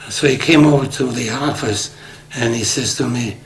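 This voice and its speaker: A man's voice: medium pitch, normal speed. A man in his seventies from northern Greece, candidly telling family stories in an oral history interview, with a wry tone. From Aegean Macedonia, northern Greece. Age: 70s. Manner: candid and wry, acting out old dialogues. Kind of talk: unhurried storytelling in conversation.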